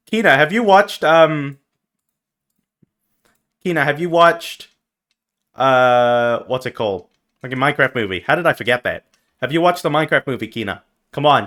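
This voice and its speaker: A young man streaming as a VTuber, chatting casually with his viewers and jumping from mumbled asides to loud yelps. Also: on the high side, lively intonation, normal speed. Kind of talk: casual live-stream chat.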